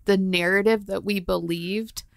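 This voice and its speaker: A woman's voice: medium pitch, fairly even intonation, unhurried, creaky, no room sound. A woman co-hosting a podcast, recounting her story in an open, heartfelt way with many fillers. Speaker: podcast co-host. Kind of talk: candid conversational storytelling.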